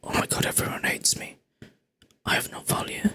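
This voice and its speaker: A man whispering as a monotone emo teen. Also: moderate pace, lightly acted. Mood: gloomy. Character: gloomy self-pitying emo teenager, male. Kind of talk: whispered role-play.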